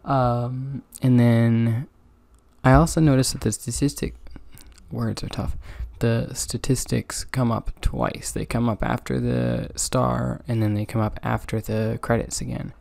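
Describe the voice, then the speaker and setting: A sleepy young man hosts a solo podcast, casually rambling through a review with frequent ums and self-deprecating asides while yawning. His mid-range voice is flat, a little slow, gravelly, and a bit mellow, recorded dry.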